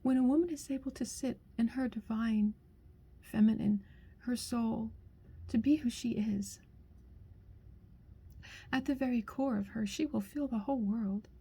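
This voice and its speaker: A woman's voice: a little high, a little slow, long pauses, mellow, husky. A middle-aged woman speaking an earnest, heartfelt monologue that often drops to a half-whisper as she pleads. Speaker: speaker sharing a personal message.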